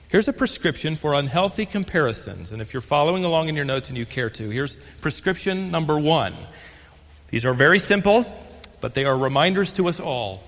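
Emphatic older American pastor preaching. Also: male voice, a little high, fairly bright tone, in a large hall. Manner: emphatic, slows on key phrases. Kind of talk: sermon.

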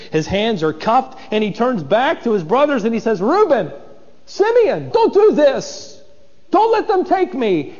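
A man's voice: high-pitched, long reverb tail, highs cut off. A man preaching an expository sermon, dramatic and acting out the voices of biblical figures.

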